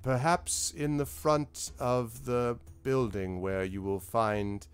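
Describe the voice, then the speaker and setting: A man doing a slow, measured noble lord. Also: medium pitch, steady tone, smooth, lightly acted. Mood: dry. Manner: slow, deliberate.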